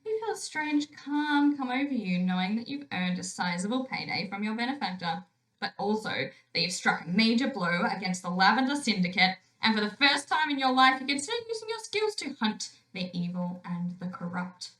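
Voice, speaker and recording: A woman's voice: mid-range voice, very animated, normal speed, fairly bright tone. A woman playing a tabletop game, reading game text aloud, recorded in an echoey room.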